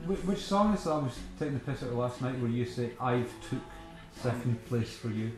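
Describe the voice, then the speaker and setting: A man's voice: mid-range voice, animated, quick pace. A young Scottish man giving chatty, teasing commentary on his band's album, laughing a lot. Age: young adult. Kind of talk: casual chat. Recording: echoey room with faint music.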